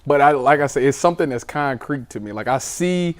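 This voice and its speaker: A man's voice: mid-range voice, animated, a little fast. Easygoing man, sports panelist, loose casual delivery, frequent laughs. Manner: easygoing, laughs often, repeats words.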